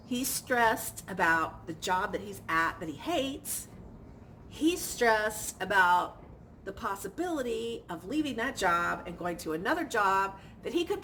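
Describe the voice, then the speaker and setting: A woman's voice: a little high, a bit bright, slight background noise. A woman vlogger venting in casual chat, chatty and stressed, acting out quoted exchanges with little laughs. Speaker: vlogger and crafter.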